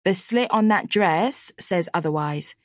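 A woman narrator voicing a dry, catty young male best friend in an audiobook, in a low, wry tone. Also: measured pace, dry recording. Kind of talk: audiobook character voice.

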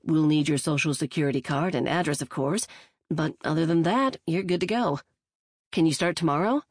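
A woman's voice: sits low, normal speed, dry recording, clean studio sound. A woman voicing a courteous male hotel manager with a polite, businesslike manner.

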